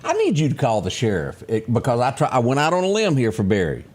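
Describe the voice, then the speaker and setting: A man's voice: medium pitch, fast. A man co-hosting a local news talk show, chatting casually in a folksy, joking way. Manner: folksy, joking, animated delivery.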